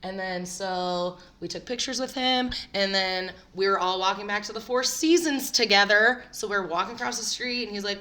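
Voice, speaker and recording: A young woman co-hosting a podcast, telling a story in casual chat and jumping high for quoted lines. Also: normal speed, few pauses, bright, forceful tone. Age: young adult. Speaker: podcast co-host.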